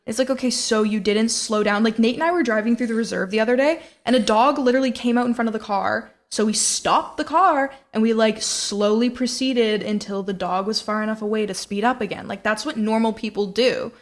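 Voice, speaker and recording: A woman's voice: a little high, brisk, hardly any pauses. A young woman co-hosting a podcast, telling stories in casual chat full of fillers. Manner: chatty storyteller, many fillers. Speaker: podcast co-host.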